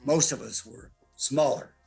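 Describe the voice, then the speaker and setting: Swearing freely, an octogenarian martial artist recounts stories as a podcast interview guest in a heavily gravelly, husky, mid-range voice. He talks a little slowly but stays brash and animated, over faint music.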